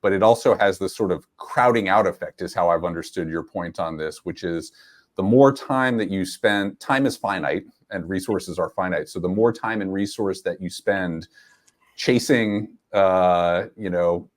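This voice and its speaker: A man with a low voice interviews a guest on stage. He builds his questions slowly, with repeated words and fillers as he works out the point. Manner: thoughtful, hesitant questioning with fillers. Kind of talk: conference conversation.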